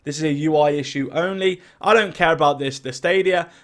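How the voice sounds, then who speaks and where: A man reading out game patch notes in casual commentary, chatty and excitable, with quick asides. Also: a little high. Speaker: gaming YouTuber. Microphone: desk mic at a home gaming setup.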